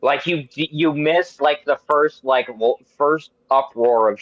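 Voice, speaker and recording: Man in his thirties, podcast host, animated rambling rants with profanity. Dry, lo-fi sound. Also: on the high side, takes it slowly, no echo. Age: 30s. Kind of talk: casual chat.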